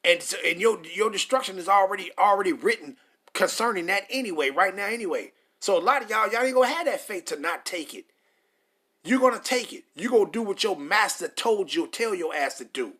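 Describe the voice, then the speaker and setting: A man's voice: sits high, expressive, fairly quick, sharp tone. A man preaching a confrontational sermon, reading verses aloud then ranting at listeners with heavy profanity and frequent stumbles. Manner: stumbles over words.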